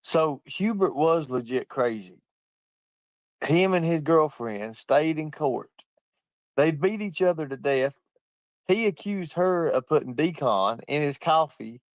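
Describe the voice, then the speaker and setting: A man's voice: mid-range voice, dry recording. A man telling profane stories through bursts of laughter while he chats on a livestream and reads out comments. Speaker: livestream host. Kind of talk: casual livestream chat reading comments.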